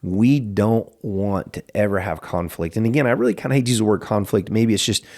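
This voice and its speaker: Gravelly-voiced man telling a story. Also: fairly quick, a little mellow. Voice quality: gravelly, creaky low voice. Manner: casual and conversational, many fillers like "you know". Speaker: martial arts school owner. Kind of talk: storytelling in a podcast interview.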